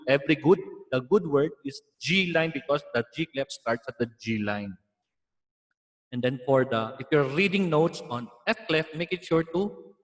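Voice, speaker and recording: A man's voice: medium pitch, big-room sound. A man with a Filipino accent teaching an online music lesson, explaining patiently and slipping in Tagalog asides.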